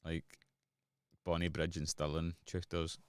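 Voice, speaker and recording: Scottish producer, deep voice, dry close sound, jokey rambling stream banter. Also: male voice, level tone, a little slow, clean tone, dry recording. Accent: Scottish, Glasgow area. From Scotland. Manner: joking banter with chat, rambling. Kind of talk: casual livestream chat while producing.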